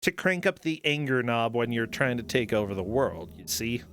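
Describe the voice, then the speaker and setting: A man's voice: mid-range voice, animated, moderate pace, a bit bright. A man doing casual, joking commentary on a video game stream. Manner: joking, playful asides. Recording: game music playing behind.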